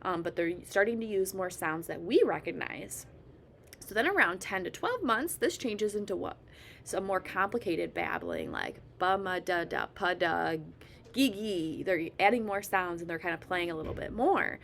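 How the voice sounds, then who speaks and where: Brief: woman, speech-therapy tutor, lively demos of baby sounds, light room hiss. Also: mid-range voice, normal speed, creaky. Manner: animated, demonstrates baby sounds playfully, frequent fillers. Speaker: speech therapist giving parenting tips. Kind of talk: casual instructional talk.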